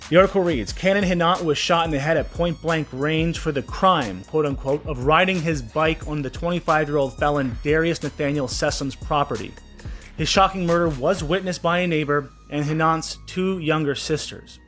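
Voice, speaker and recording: A man hosting a commentary vlog, talking with raw anger and swearing, his voice dropping low when upset. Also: normal speed, fairly bright tone, faint music behind. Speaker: political commentary vlogger.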